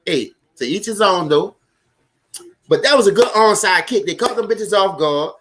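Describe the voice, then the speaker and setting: A high-voiced man with a New Orleans accent talks loud and fast over a live football game. He swears freely as he reacts to the plays and answers his viewers by name in an easygoing, animated way. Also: a little hiss or hum. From Louisiana. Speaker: sports stream host. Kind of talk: casual live sports commentary.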